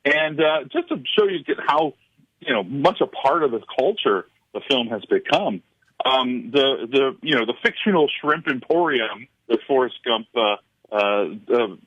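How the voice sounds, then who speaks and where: A male film professor talks as a radio guest, stopping and restarting with frequent uh fillers. His voice sits at a medium pitch. The sound is dry and close but a little muffled, like a radio broadcast. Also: lively intonation, no room sound. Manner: halting, full of uh fillers and restarts. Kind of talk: radio interview chat. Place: radio studio.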